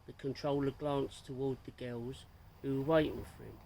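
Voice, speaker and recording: Gravelly man reading a story. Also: mid-range voice, steady tone, moderate pace, darkish tone, slight background noise, rough recording. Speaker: narrator.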